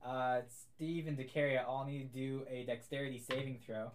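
This is a young adult game master narrating a tabletop game among friends. The delivery is casual and amused and full of little fillers, and the pitch sits in a middle range. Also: fairly even intonation, normal speed, slight background noise.

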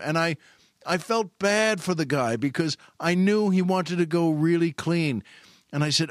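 A man spins a personal anecdote in a loose, rambling way, often stopping short and restarting his sentences. His voice sits a little high for a man. The recording is close and dry. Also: a bit bright, no echo. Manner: repetitive, halting, self-correcting. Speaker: storyteller.

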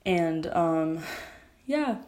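A woman's voice: fairly low pitch, animated, drawn-out words, darkish tone. A teenage girl hosting her own podcast, chatting and ranting in a rambling, self-correcting way, recorded on a phone. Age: teens. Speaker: podcast host. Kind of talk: casual solo podcast rant.

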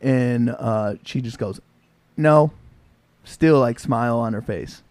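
This is a young man co-hosting a laid-back podcast. He tells stories in a loose, chatty way, swears freely and acts out the people he met. His voice sits at a middle pitch and is recorded close and dry. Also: fairly even intonation, unhurried, a little mellow, dry recording. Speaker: podcast co-host. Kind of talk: casual chat.

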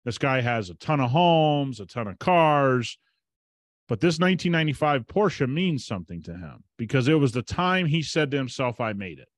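A man hosts a podcast, spinning a long anecdote in casual, emphatic talk. His voice sits at an ordinary middle pitch. The sound is close and dry, with no room around it. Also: big pitch swings, moderate pace, no echo. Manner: chatty, emphatic, retells conversations with quoted dialogue. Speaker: podcast host. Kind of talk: casual storytelling monologue.

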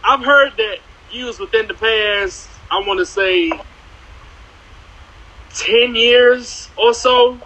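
A man hosting a church talk show, encouraging his guest with quick affirmations and then explaining his point. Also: very high-pitched, sharp tone, low-quality recording.

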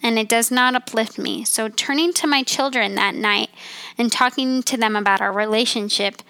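A woman's voice: on the high side, moderate pace, sharp tone, clean tone, no room sound. A woman in her thirties hosting a personal faith podcast, talking in an earnest, heartfelt, chatty way. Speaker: podcast host.

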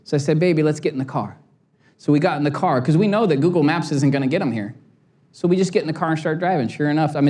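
A middle-aged man giving a sermon as a pastor, telling a lively story, acting out quotes and laughing at himself. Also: medium pitch.

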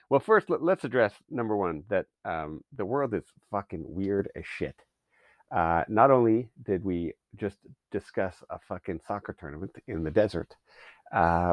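A man's voice: fairly low pitch, darkish tone, no echo. A man from Canada rants through a podcast monologue, swearing freely and dripping sarcasm. He rambles from gripe to gripe. The recording is dry and close. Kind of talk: profane ranting monologue.

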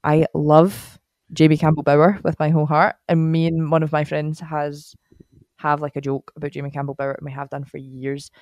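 A Scottish woman talks at a brisk clip in an eager, rambling podcast chat. Her sentences often trail off before she picks up the next thought. Her voice sounds close and dry, with no room around it. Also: sits low, flat delivery, a little mellow, dry recording. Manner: chatty and enthusiastic, trails off mid-sentence. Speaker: podcast co-host, guest sister. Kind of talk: casual chat.

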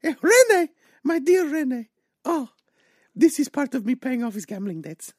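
A man doing an impression of a famous melodramatic woman singer, putting on a high, swooning in a theatrical manner. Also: sing-song, unhurried, dry recording, studio quality, heavily acted.

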